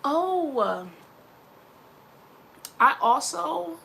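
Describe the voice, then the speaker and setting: A woman vlogger chatting casually to camera, animated and playful, with slangy asides. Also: high-pitched, very slow, creaky, slight background noise.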